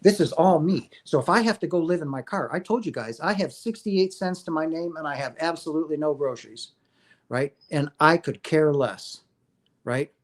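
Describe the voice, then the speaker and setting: A man's voice: fairly high pitch, moderate pace. A middle-aged man hosting a livestream, talking casually and earnestly about spiritual experiences in a rambling, affectionate way. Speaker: livestream host.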